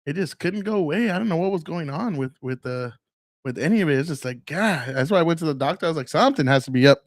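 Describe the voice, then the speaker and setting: Expressive and fast-talking, a slightly high-voiced man in his forties hosts a solo podcast, rambling, swearing freely between fillers, and coughing now and then. The studio recording is dry and clean.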